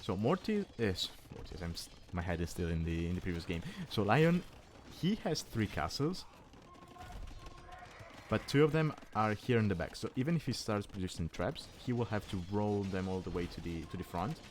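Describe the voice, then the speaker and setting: Guy casting a strategy game, deep voice, restarts words a lot, faint typing behind. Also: expressive, moderate pace, a little hiss or hum. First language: Italian. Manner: thinking aloud, restarting words mid-phrase. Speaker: esports caster. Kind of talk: live strategy game commentary.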